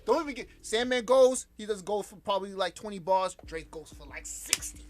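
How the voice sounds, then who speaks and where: A man chatting as a podcast guest, telling stories in an animated way and laughing as his voice jumps up when excited. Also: sits high, a little fast, soft background music. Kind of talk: animated storytelling chat.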